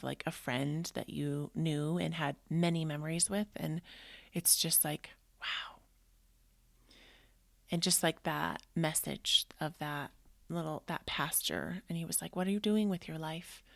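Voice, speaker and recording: A woman's voice: low voice, a little slow, vocal fry, no room sound. A woman in her thirties hosting a personal podcast, talking in a heartfelt, rambling way with many fillers. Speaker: podcast host. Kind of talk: casual personal podcast monologue.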